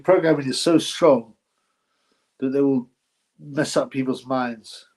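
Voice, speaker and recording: A man's voice: mid-range voice, fairly even intonation, normal speed, long pauses, darkish tone. A man hosting a casual live stream, rambling, repeating himself, and effusively thanking donors. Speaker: livestream host reading donations.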